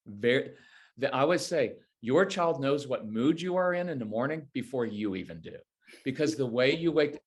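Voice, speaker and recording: Man, interview guest, parenting advice, conversational, animated, acts out quotes, mid pitch. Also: normal speed, a little hiss or hum.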